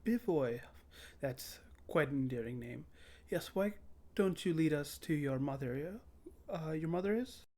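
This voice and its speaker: A man voicing a polite, formal adult man who speaks gently to a child, with a slightly halting delivery. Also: a little high, lively intonation.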